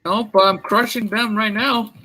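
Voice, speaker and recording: A man bantering on a live stream while he plays a game, joking and teasing the others. His voice is high and bright. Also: steady tone, normal speed. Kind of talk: casual banter while gaming.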